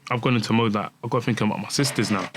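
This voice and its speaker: A man's voice: lowish voice, rapid-fire, noisy background. A man, candidly telling a personal story as a podcast guest and acting out the voices of the people in it. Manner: candid, acts out quoted dialogue, many restarts. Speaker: guest footballer.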